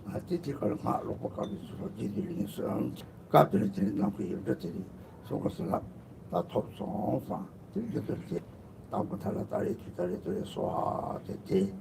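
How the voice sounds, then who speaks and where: Older male Buddhist teacher, very fast, gravelly, lively pitch, noisy recording. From Tibet. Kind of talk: religious teaching.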